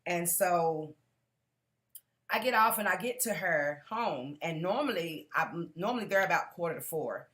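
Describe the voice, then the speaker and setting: A woman tells her personal testimony to a live audience. Her voice sits a little low. She speaks in an earnest, direct way and keeps calling out to her listeners. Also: animated, measured pace, fairly bright tone. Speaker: conference speaker giving a testimony.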